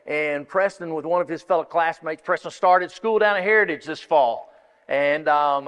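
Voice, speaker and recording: A pastor preaches and makes announcements in a church sanctuary, his fairly high voice a bit bright. His delivery is folksy and rambling, full of restarts, and the large hall adds a long reverb.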